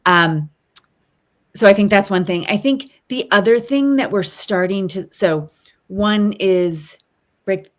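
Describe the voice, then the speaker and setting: A woman with a mid-range voice takes it slowly as a resilience expert guesting on a podcast. In this casual interview conversation she explains ideas thoughtfully, like a coach, with frequent ums and rhetorical "right?"s.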